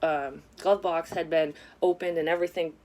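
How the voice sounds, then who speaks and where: Woman in her thirties with a deep voice, rambling through a candid, profane story-time vlog. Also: steady tone, moderate pace, a little mellow, slight background noise. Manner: candid, rambling, swears freely. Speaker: psychic medium vlogger. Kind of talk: casual story-time monologue.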